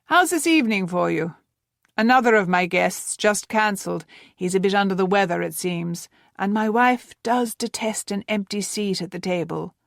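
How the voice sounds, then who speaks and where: A woman's voice: medium pitch, moderate pace, vocal fry, no room sound, studio quality, close to an everyday voice. A woman narrator voicing a kind, courteous middle-aged male naval captain in an audiobook. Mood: gracious.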